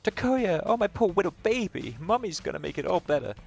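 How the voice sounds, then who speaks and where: A man voicing a fretful, doting woman in a high, pleading falsetto while reading game dialogue aloud. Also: very animated, a little fast, gravelly, a little mellow, exaggerated voice.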